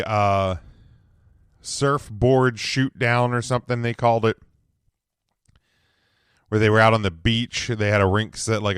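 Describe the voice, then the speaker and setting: A man's voice: fairly low pitch, fairly bright tone, smooth, dry recording, studio quality. A man hosting a casual solo sports podcast, rambling with lots of fillers and growing emphatic, his throat slightly scratchy. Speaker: podcast host.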